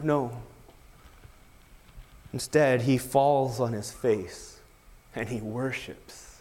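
A man's voice: medium pitch, steady tone, extremely slow, long pauses, a little mellow, big-room sound. A man preaching a sermon, emphatic, with rhetorical questions. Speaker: pastor.

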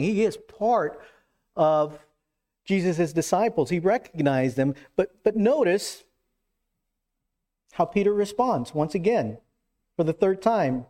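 A man preaching a sermon in an earnest, emphatic way, acting out quoted lines with shifts in pitch and pace. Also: lively intonation, takes it slowly, pauses often, a little mellow. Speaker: pastor.

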